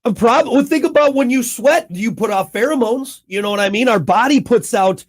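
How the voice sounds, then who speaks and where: A man's voice: very high-pitched, moderate pace. A man hosting a radio show, reading news items and bantering with a jokey, rambling manner. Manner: jokey, rambling, slips into mock macho rants.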